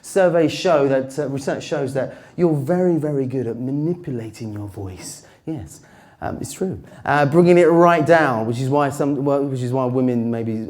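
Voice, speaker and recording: A man giving a conference talk on pitching, with a slightly worn voice, varying his pitch and dropping low with dramatic pauses. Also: a little mellow. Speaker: pitch coach. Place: conference stage.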